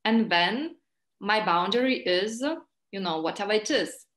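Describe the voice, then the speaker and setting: A woman's voice: mid-range voice, measured pace, fairly bright tone. A woman hosting an interview, affirming and summing up her guest's points. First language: Lithuanian. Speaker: interview host. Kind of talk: interview conversation. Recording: echoey room.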